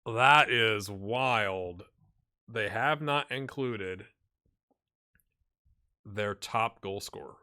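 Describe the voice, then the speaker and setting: A man narrates his football management game with a bright, forceful edge to his voice. He is excitable, dropping to quiet mutters for asides and climbing to shouts when a shot nears goal. His talk is casual let's-play commentary. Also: lowish voice, extremely slow, pauses often, clear, resonant tone. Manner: excitable, swings from mumbling to shouting at near misses. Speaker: gaming YouTuber.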